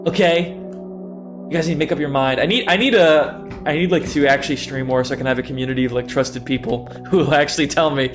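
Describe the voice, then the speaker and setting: A young male streamer with a slightly higher-than-usual voice rambles through a game, chatty and loose. He swears freely and keeps mocking himself, laughing often as he talks to his chat. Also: brisk, music in the background. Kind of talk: casual gaming livestream commentary.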